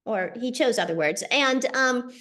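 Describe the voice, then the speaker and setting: A middle-aged woman hosting a show, telling a personal story in a chatty, animated way over a video call. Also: a little high. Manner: chatty, animated, quick asides. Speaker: host sharing a personal testimonial. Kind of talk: casual storytelling.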